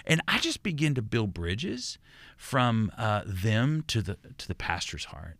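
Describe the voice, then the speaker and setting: An older pastor with a Texan accent speaks as a podcast guest, earnest and reflective, often restarting and repeating words as he goes. His voice sits at an ordinary pitch for a man. The sound is close and dry, as from a studio mic. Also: big pitch swings, normal speed, vocal fry, fairly bright tone, dry recording. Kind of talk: conversational storytelling.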